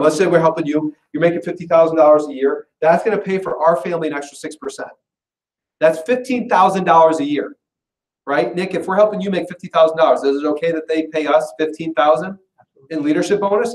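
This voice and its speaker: A business presenter jokes his way through a casual sales pitch to a live audience at an info session. Chatty and self-deprecating, he laughs frequently, and the meeting room lends his far-off voice a roomy echo.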